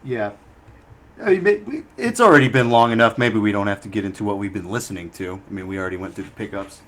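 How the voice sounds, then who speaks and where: A man's voice: lowish voice, animated, fast talker, a bit bright. Podcast co-host, male, chatty storyteller who rambles through anecdotes with frequent laughter. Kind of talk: casual chat.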